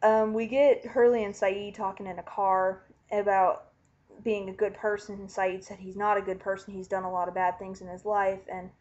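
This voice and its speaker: Woman vlogger, excitable casual recap delivery, swears freely, dull lo-fi recording. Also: medium pitch, moderate pace. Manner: animated, chatty, swears casually.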